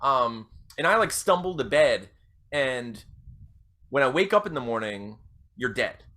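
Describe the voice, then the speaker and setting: A young man co-hosting a podcast, rambling through a comedic pitch and acting out quoted lines with sudden jumps in pitch. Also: expressive, measured pace, pushed and bright. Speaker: podcast co-host.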